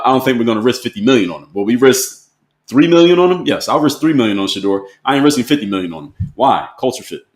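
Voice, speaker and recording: A blunt man in his thirties talks quickly and emphatically, hammering his points home. His voice carries a roomy echo, as if recorded in a bare room. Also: mid-range voice. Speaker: motivational commentator. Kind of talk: casual commentary to camera.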